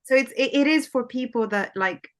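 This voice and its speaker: A woman's voice: high voice, moderate pace. Hesitant woman in casual chat. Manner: hesitant, many likes and restarts.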